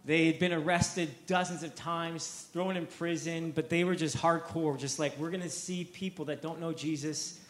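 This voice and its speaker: A man's voice: on the high side, fairly even intonation, normal speed, few pauses, echoey room. A man preaching a sermon, telling a story with energy, repeating words and acting out the quotes.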